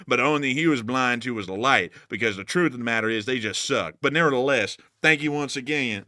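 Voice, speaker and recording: A man's voice: mid-range voice, bright, forceful tone, smooth, no room sound, clean studio sound. A man with a Southern US accent hosting a casual war news livestream, folksy and rambling, repeating his thanks to supporters.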